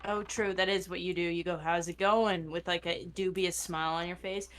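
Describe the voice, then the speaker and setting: A young woman chatting casually while playing an online game with a friend, talking in a lively way and acting out short quotes as she tells a story. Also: fairly low pitch, brisk. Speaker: streamer's co-player. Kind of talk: casual chat while gaming.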